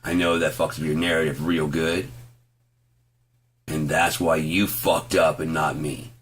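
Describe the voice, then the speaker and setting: A man telling an angry, profane story about an argument over a bill, quoting both sides and swearing constantly, at times shouting. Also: very deep voice, flat delivery, measured pace, husky. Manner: heavy swearing, retelling an argument with quoted back-and-forth, rising to shouts. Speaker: vlogger ranting to camera.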